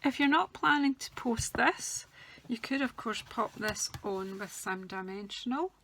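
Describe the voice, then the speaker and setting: A woman chatting casually through a craft tutorial, talking as she works and going soft and quiet when she concentrates. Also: on the high side, animated, unhurried. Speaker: craft demonstrator.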